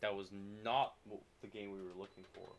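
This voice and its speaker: A man streaming a video game, commenting live and swearing in loud frustrated outbursts. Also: lowish voice, little pitch movement, brisk, gravelly, a little hiss or hum.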